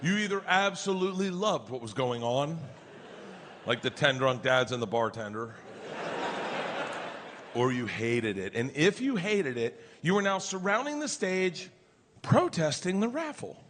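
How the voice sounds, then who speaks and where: Middle-aged male stand-up, raised voice, crude and animated, live room noise. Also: fairly high pitch, a little slow. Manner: loud, crude, animated storytelling with bursts of shouting. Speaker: stand-up comedian. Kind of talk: stand-up storytelling. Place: comedy stage before an audience. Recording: live stage recording with background noise.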